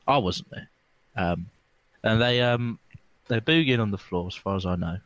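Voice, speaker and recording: A young man who's been drinking tells a rambling pub-style story among friends at normal speed, recorded dry. He laughs, uses slang, and swings his pitch around lively as he chats casually.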